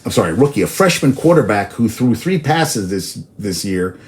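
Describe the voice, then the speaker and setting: A man's voice: lowish voice, very animated, moderate pace, a little mellow. A man hosting a casual sports talk show, rambling through stats and personal tangents, cursing freely, apparently outdoors in New York.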